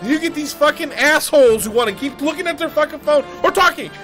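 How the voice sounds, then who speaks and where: A man's voice: extremely high pitch, quick pace, a bit bright, soft background music. A man co-hosting a podcast, ranting heatedly and profanely in casual chat. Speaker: podcast co-host.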